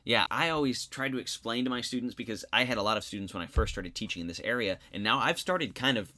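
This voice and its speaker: A social studies teacher, a man, talks in an easy conversational way, with a slight Southeast Missouri twang. His voice has a bright, forward tone at a middle pitch. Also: animated, quick pace. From grew up all over as a military child. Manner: conversational, storytelling with asides. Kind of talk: casual conversation about teaching.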